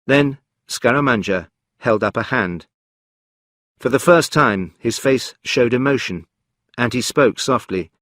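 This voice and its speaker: Calm, measured male narrator. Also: medium pitch, no echo, clean studio sound. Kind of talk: scripted story narration for learners.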